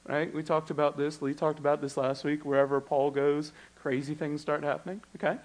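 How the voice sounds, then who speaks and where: Preacher, man, high-pitched, lively and joking, reads scripture with slow emphasis. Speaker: teacher. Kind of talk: sermon.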